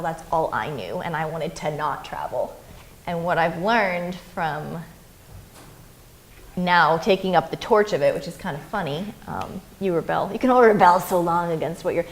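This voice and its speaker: This young woman talks in a casual interview, slightly low-pitched for a woman, bouncing through stories and putting on quick voices for quotes. A faint hum of room ambience sits behind her. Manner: animated storyteller, acts out quotes. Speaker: interview guest, adventurer and filmmaker.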